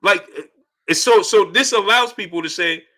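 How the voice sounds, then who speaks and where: A man's voice: sits high, moderate pace, sharp tone. A man hosting a live boxing talk stream. He greets chat viewers by name and repeats his points with emphasis. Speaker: boxing channel host.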